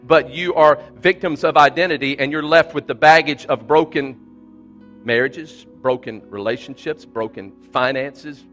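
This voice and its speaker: A man's voice: mid-range voice, moderate pace, fairly bright tone, soft background music. A man preaching a sermon as a pastor, emphatic and repetitive, his voice climbing when he voices people's pleas. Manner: emphatic preaching with repeated phrases, voice rising in quoted pleas. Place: church sanctuary.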